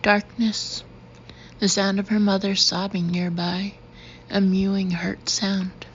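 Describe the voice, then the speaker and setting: A woman reading a thriller audiobook in a steady, even narration. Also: mid-range voice, slow pace. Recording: dull, slightly noisy recording.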